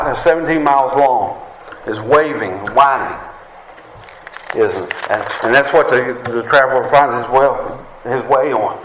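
West Virginian preacher calling out "Amen?". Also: male voice, mid-range voice, a bit bright, a little hiss or hum. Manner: preaching with frequent "Amen?" calls to the congregation. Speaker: pastor. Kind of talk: sermon. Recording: echoey room with faint ambience.

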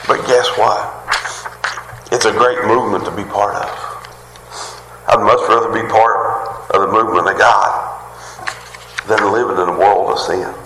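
A man preaching a folksy sermon and often calling out for an amen. His voice is low-pitched and forceful. It carries through a reverberant church hall with faint noise behind. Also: fairly even intonation, a little slow, pauses often. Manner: folksy preaching with frequent call-outs for an amen. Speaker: pastor.

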